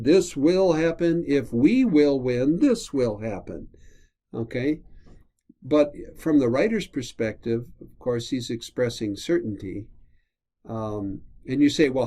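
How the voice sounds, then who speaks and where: Slow, mellow-voiced man teaching a reading. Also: mid-range voice. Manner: explanatory, checks in with "right?" and "okay?"; slows down to sound out terms. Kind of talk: recorded lecture walking through a text.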